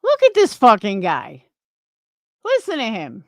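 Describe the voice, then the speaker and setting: A young woman vents on her stream in an angry, scornful, profane rant. Her pitch swings widely from high outbursts to low mutters. The recording is dry and close. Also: wildly swooping pitch, measured pace, no echo. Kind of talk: livestream reaction rant.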